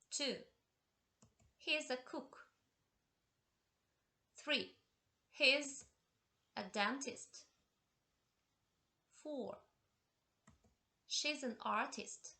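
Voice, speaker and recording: A woman English teacher giving slow, deliberate step-by-step instructions for classroom exercises. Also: high voice, sharp tone.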